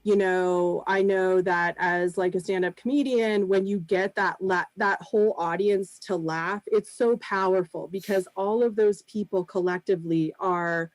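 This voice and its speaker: A woman's voice: mid-range voice, fairly even intonation, a little slow, hardly any pauses, no room sound, poor audio. A woman guest on a video-call podcast, speaking thoughtfully with frequent ums and light laughs. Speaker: guest, improv performer and business founder. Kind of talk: casual podcast chat.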